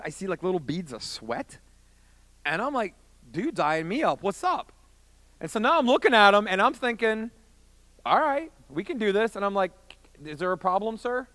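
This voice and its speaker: A man in his late twenties, a youth pastor telling a story in a sermon and acting out the quotes, his voice rising to shouts. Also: high-pitched, no echo. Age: 20s.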